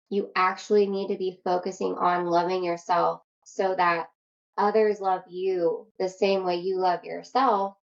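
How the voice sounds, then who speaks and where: Energetic, casual woman self-love coach. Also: mid-range voice, lo-fi sound. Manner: energetic, casual, swears freely. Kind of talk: workshop talk to an online audience.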